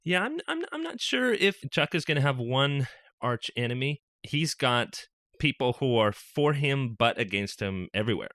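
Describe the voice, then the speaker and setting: A man's voice: mid-range voice, very animated, normal speed, a bit bright, dry recording, studio quality. A man hosting a fan podcast, chatting thoughtfully about a TV show with some hesitant restarts. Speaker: podcast host. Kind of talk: casual fan podcast chat.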